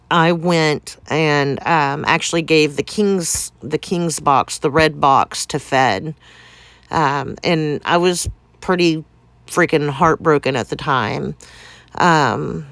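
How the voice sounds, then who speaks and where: A woman recounts a story at an unhurried pace, full of fillers, laughter and casual swearing. Her voice is smooth and clean, recorded dry and close. She sounds a little out of breath. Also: low voice, fairly bright tone, dry recording. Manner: rambling, many fillers, laughs often, candid swearing. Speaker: game community member recounting events.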